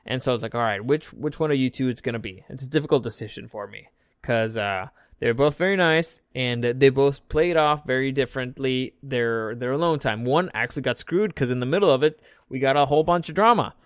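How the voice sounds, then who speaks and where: A man's voice: medium pitch, brisk, clean tone, no echo, studio quality. A young man casually recapping an event in a loose, joking way, swearing freely as he tells the story. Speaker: vlog host recapping an event.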